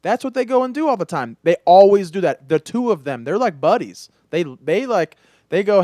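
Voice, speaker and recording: A man's voice: high voice, big pitch swings, moderate pace, mellow, no echo, clean studio sound. A man hosting a podcast in casual chat, gossipy and full of restarts as he talks. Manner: chatty, gossipy, hesitant restarts. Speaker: podcast host.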